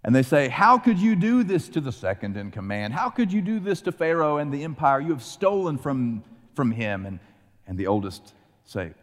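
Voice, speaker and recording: A man preaching a sermon, retelling a scripture story with lively acted-out voices. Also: a little high, moderate pace, long reverb tail. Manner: animated storytelling, acting out voices. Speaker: pastor.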